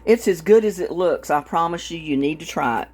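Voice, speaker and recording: A little fast and a little mellow, her voice sits low. This Texan woman hosts her own cooking channel, gushing in a folksy, y'all-heavy way as she taste-tests in a casual vlog.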